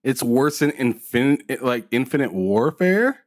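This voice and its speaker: Slow-talking guy on a gaming panel, stumbles and repeats, sounds like he can't believe it. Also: medium pitch, expressive. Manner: halting and incredulous, repeats words while searching for them. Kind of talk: casual gaming chat on a live stream.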